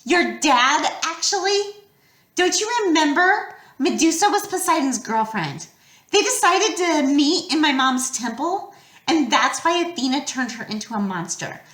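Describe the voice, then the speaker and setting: A woman voicing a sharp, know-it-all teenage girl who lectures with lively exasperation, in a storybook reading. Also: high-pitched, measured pace, voice pushed up. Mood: exasperated. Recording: roomy echo.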